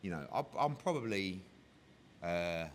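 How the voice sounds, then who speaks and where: A man who works as a boxing promoter, talking candidly in a casual interview, animated and swearing freely as he tells stories. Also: sits low, unhurried, a little hiss or hum. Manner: animated, heavy swearing, emotional storytelling.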